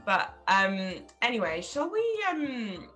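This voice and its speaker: A woman's voice: mid-range voice, very animated, slow pace, a bit bright, soft background music. A woman co-hosting a podcast, chatting casually, swearing freely and laughing at herself. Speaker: podcast co-host. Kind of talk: casual chat.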